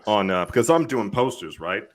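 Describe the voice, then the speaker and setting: A man's voice: lowish voice, sing-song, brisk, a crowd in the background. A man co-hosting a casual podcast chat, talking loosely with jokes and swearing. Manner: loose, profane, jokey banter. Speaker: podcast co-host.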